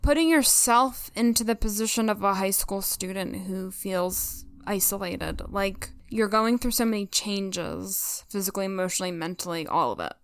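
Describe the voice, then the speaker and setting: A woman's voice: mid-range voice, clear, resonant tone, no echo, studio quality. A woman co-hosting a casual podcast, earnestly and emotionally retelling scenes of a TV episode. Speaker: podcast co-host. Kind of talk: casual recap chat.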